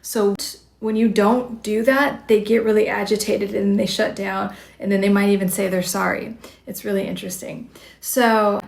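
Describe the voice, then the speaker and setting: A woman's voice: medium pitch, flat delivery, moderate pace, vocal fry. A woman psychology coach giving direct, conversational advice on a livestream, with many casual fillers. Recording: roomy echo.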